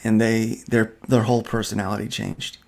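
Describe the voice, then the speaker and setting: A man's voice: on the low side, level tone, moderate pace, vocal fry, darkish tone, faint music behind. A man hosting a casual podcast over a remote call, talking in a laid-back, joking way. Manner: laid-back, joking, affirms others often. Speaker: podcast host. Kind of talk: casual chat. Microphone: remote call with an unstable internet connection.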